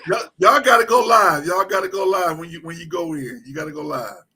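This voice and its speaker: A man co-hosting a casual sports talk livestream, animated and teasing. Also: high voice, fairly quick, a little hiss or hum. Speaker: co-host. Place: livestream call.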